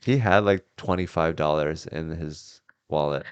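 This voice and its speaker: Deep-voiced man on a casual podcast. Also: measured pace, clear, resonant tone, dry recording, muffled recording. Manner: laid-back, wry, swearing freely. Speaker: podcast host. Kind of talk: casual chat. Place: house.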